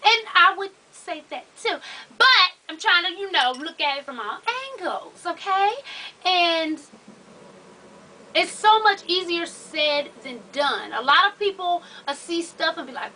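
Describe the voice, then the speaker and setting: A woman's voice: very high-pitched, animated, a little slow, sharp tone, recorded from a distance, a little hiss or hum. A woman hosting an advice vlog, blunt, sassy and profane as she talks straight to the viewer. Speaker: advice show host.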